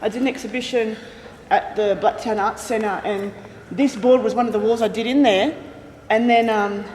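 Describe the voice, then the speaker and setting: A woman's voice: a little high, steady tone, normal speed, a little mellow, in a large hall. A woman, a graffiti artist and art teacher, chatting casually in an interview, rambling and laughing often. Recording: noisy on-location recording.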